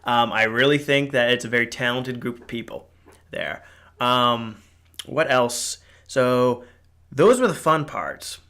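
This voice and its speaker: A man's voice: medium pitch, unhurried, sharp tone. A young man hosting a casual solo podcast, telling a rambling story with lots of fillers and swearing. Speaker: podcast host. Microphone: podcast mic.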